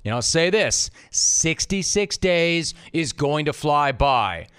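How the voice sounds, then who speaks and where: A man's voice: fairly high pitch, expressive, slow, a bit bright, clean tone. A middle-aged man hosting a sports talk radio show, delivering a sarcastic, mock-indignant rant.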